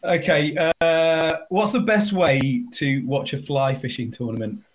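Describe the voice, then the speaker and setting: A man's voice: a little high, steady tone, a little slow. A man co-hosting a podcast, telling long rambling dad jokes in a chatty, casual way and laughing along. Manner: chatty, rambling storyteller who laughs at his own jokes. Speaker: podcast co-host. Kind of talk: casual dad-joke swapping.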